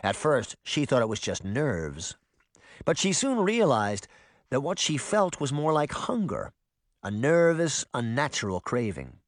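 A male narrator reads a storybook with dramatic, expressive delivery. His pitch moves a lot, and the recording is dry and close. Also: measured pace, no room sound. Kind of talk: audiobook narration.

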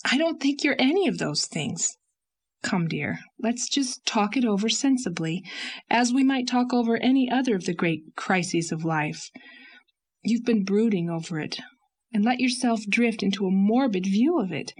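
A woman reading an audiobook, voicing a gentle, sensible young woman who soothes a friend in an earnest tone. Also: medium pitch, animated, moderate pace, pitched above the performer's own voice, close to an everyday voice. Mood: soothing. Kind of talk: audiobook character voice.

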